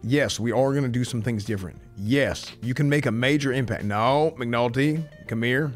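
A man's voice: mid-range voice, moderate pace, soft background music, close to an everyday voice. A man playing a drawling sheriff. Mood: earnest. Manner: drawling, persuasive, fatherly. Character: folksy middle-aged male county sheriff. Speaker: roleplay streamer. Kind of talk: police roleplay in a game.

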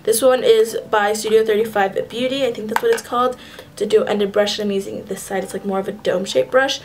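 A woman's voice: medium pitch, steady tone, a little fast, noisy background. A young woman talking through a casual makeup tutorial in a chatty way, often stopping to correct herself mid-phrase. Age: young adult. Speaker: beauty vlogger.

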